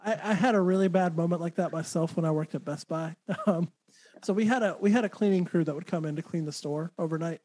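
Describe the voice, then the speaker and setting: A man's voice: a little high, fast talker, darkish tone, poor audio. A man hosts a casual podcast, telling a story and wrapping up the episode. His manner is easygoing, with small stammering restarts. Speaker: podcast host. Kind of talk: casual chat.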